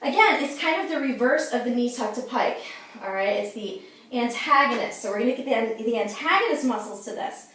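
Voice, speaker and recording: Her slightly high, expressive voice comes a little fast and fairly bright as she shows exercises at home, panting between cues. This upbeat fitness instructor keeps saying "you guys" and "okay?", captured from a distance in an echoey room.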